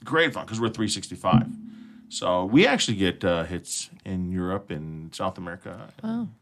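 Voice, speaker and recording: A man's voice: low-pitched, sing-song, normal speed. A man hosting an internet radio show, chatting casually with his co-hosts, laughing often, rambling and swearing freely. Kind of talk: casual chat.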